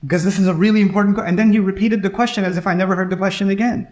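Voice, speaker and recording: A man's voice: high voice, steady tone, very fast. A middle-aged man giving an Islamic lecture, telling stories and acting out the voices of the people in them. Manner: storytelling, acts out quoted voices. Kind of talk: religious lecture.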